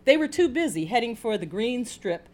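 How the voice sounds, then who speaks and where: A woman from Chicago, an author reading a chapter of her own fiction aloud with a playful, animated manner. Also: on the high side, moderate pace.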